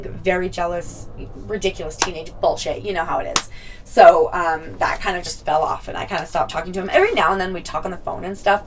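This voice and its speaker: Young woman vlogger, casual storyteller, swears and laughs freely, fry in the voice. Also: lowish voice, distant mic, poor audio.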